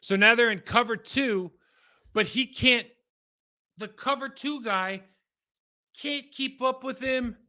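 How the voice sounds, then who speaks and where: Bright, animated male football film analyst. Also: very high voice, slow pace, long pauses. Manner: animated, rambling, frequent restarts and asides. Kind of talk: casual film breakdown commentary.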